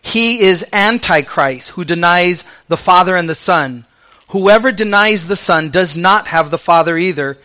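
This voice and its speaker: Bright-voiced male pastor preaching. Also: high-pitched, unhurried. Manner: conversational preaching with slang asides; drops to soft, quiet delivery on key lines. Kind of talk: sermon.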